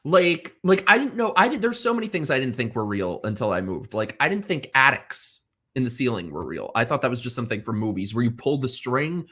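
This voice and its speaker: A man's voice: medium pitch, expressive, brisk, few pauses, a bit bright, slightly rough. A man from New York City hosting a podcast in casual chat, campy and sassy as he tells dramatic stories. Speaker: podcast host.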